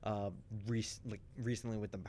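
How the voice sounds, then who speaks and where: A man's voice: lowish voice, slight background noise. Man animatedly recapping a soap opera. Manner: animated storytelling, many restarts and asides; acts out characters' lines in quick voices. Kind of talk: casual chat.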